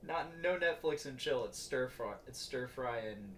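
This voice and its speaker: A man's voice: mid-range voice, expressive, normal speed, slight background noise. A man co-hosting a podcast with dry wisecracks in casual chat.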